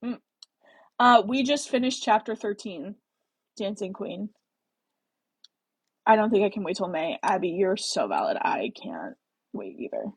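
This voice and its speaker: A woman's voice: mid-range voice, lively intonation, unhurried, pauses often, husky, no echo, poor audio. A young woman with a general American accent, hosting a casual book club livestream, rambling and swearing freely with lots of fillers. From American Midwest.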